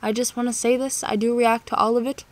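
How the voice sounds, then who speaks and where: In a fairly high-pitched voice with a flat delivery and quick pace, a woman on her own channel chats casually about fan art. She gushes sentimentally and sighs often.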